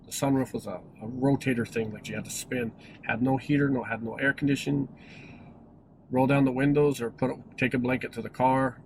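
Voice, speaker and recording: A man's voice: mid-range voice, fairly even intonation, a little fast, slight background noise, low-quality recording. A man in his forties telling a personal story in a casual, rambling way, with many restarts and self-corrections. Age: 40s. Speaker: vlogger.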